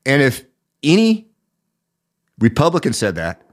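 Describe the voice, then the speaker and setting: A man's voice: medium pitch, wildly swooping pitch, a little slow. A man hosting a political podcast, giving indignant commentary with a sore throat. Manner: indignant, rising emphasis. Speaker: podcast host.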